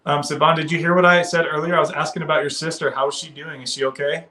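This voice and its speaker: A man hosting a casual livestream, reading and answering viewer comments in a relaxed, chatty way with plenty of filler words. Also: fairly high pitch, fast. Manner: relaxed, chatty, many 'uh' fillers, addresses viewers as guys and my friend. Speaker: livestream host.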